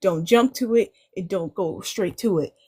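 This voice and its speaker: A woman's voice: mid-range voice, moderate pace, a little mellow, breathy edge. A woman speaking as a guest on a live-stream panel, talking earnestly in a preachy way and repeating phrases for emphasis.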